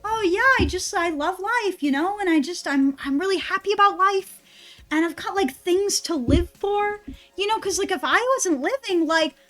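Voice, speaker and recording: A woman's voice: extremely high pitch, moderate pace, fairly bright tone, soft background music. Woman doing a chipper robot guy. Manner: overly chipper, sing-song. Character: cheerful robot guy who loves being alive.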